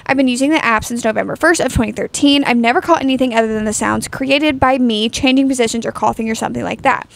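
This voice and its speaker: A woman's voice: fairly high pitch, fast talker, creaky, few pauses. A young woman co-hosting a chatty podcast who rambles with lots of fillers and reads a story aloud. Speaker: podcast co-host. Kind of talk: casual chat, reading a story aloud.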